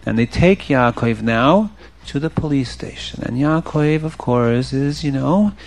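A man telling a story to children in an animated way, often asking the audience questions. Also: a little high.

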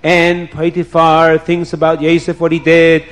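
Lively male children's storyteller. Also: on the high side, unhurried. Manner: lively, playful, asks the children questions. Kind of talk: animated children's story narration.

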